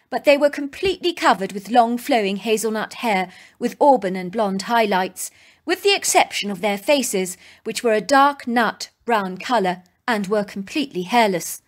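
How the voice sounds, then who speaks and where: A woman narrating a dramatic first-person story in a vivid, emphatic way. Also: fairly high pitch.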